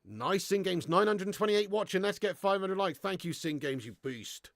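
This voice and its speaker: A man hosting a live football watchalong, excitable and swearing freely while chatting to viewers. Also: sits high, normal speed, no echo, studio quality.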